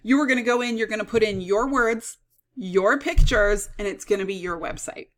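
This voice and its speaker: A woman coach giving an upbeat, persuasive sales pitch for her online course. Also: normal speed. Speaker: business coach.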